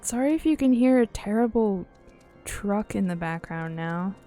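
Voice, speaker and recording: A woman chatting playfully while she streams a game, joking and laughing at her own voices, over soft music. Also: mid-range voice, animated, normal speed. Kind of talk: casual live-stream commentary. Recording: faint game music behind.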